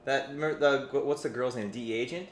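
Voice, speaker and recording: A man's voice: mid-range voice, quick pace. A man co-hosting a casual beer review livestream, joking and rambling off topic. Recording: roomy room with faint noise.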